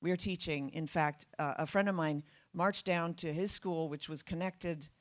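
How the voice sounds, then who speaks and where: A woman's voice: sits low, normal speed, no echo. A woman giving a public talk to an audience, emphatic and full of rhetorical questions. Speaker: guest speaker.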